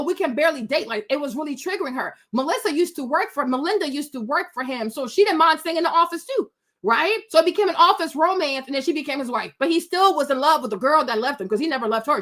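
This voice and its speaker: A woman giving a blunt, animated opinion rant in a casual live-stream style, full of fillers and repeated words, talking back to her chat. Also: high-pitched.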